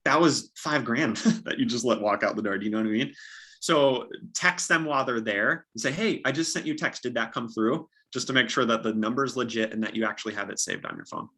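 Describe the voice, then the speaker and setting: Young man, real estate agent type, upbeat coaching delivery with a bright, forward tone. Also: medium pitch, sing-song, a little fast. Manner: upbeat, practical, acts out sample dialogues. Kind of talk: casual coaching talk.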